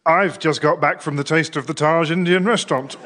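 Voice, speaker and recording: A man's voice: on the high side, brisk, a bit bright, natural voice. An actor with a British accent playing a hapless male teacher who hesitates, mumbles and ad-libs through a school play. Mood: muddled. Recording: studio audience laughter behind. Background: live audience laughter.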